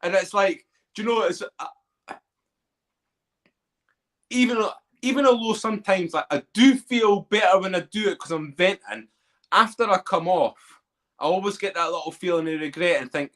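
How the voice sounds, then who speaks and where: A man's voice: sits high, normal speed, pauses often, a bit bright. A man hosting a podcast, talking candidly and questioning himself in a casual chat. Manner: candid, self-questioning, swears. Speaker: podcast host.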